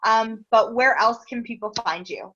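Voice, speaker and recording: Warm-hearted woman host on a lo-fi call. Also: a little high, moderate pace. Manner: earnest, grateful, gets emotional. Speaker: interview host. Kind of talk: casual video-call interview. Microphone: video call.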